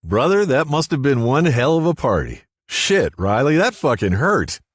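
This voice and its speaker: A man voicing a brash, profane male detective in an audiobook, loud and high above his own voice. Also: normal speed, slightly rough, no echo, clean studio sound. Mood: indignant.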